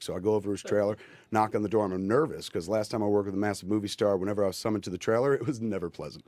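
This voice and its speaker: A man on a podcast telling an animated, profane anecdote and acting out voices in it. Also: lowish voice, racing, no room sound. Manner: excitable, profane, acts out voices in his stories. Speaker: filmmaker telling a story on a podcast.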